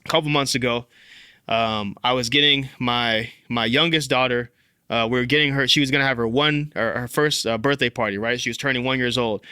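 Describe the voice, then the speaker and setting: A young man hosting a fatherhood podcast, telling a personal story in casual, animated speech full of "like" and "bro.". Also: mid-range voice, brisk, clean tone, no echo, clean studio sound. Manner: animated, filler-heavy, says "like" and "bro" often. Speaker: podcast host.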